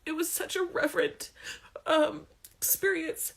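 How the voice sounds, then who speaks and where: A woman's voice: very high voice, very animated, measured pace, creaky, fairly bright tone. A woman in her thirties candidly telling a personal story to camera, chatty and emotional, laughing between sentences. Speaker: vlogger.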